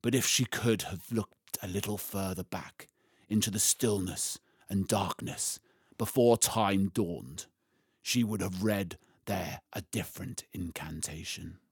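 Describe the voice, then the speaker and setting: A man voicing a huge, solemn, gentle male lion, speaking calmly and gravely in a storybook reading. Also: deep voice, dry recording, studio quality, exaggerated voice. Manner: calm, grave, unhurried.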